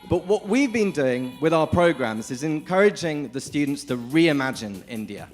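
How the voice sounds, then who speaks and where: A man from the United Kingdom giving a lively, informal conference talk, often addressing the audience directly. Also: fairly high pitch, moderate pace, faint music behind. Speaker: conference speaker. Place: conference hall.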